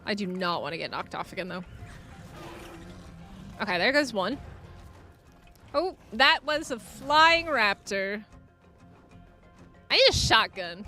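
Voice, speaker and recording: A woman streaming a video game live, commenting as she plays, excitable and quick to exclaim and laugh. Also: medium pitch.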